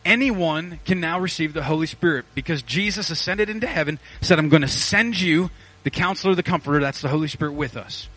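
Guy preaching in church, chatty and animated, voice a bit high, says man a lot. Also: fairly quick, low-quality recording. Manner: casual, animated preaching with slang asides. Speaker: pastor. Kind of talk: sermon. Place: church sanctuary. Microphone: handheld or headset mic.

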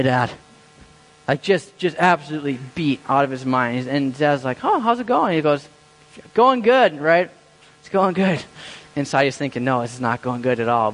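Young male pastor, lively storyteller; bright high register, recorded in a reverberant church hall. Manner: storytelling with quoted inner voices, repeats words. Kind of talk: sermon.

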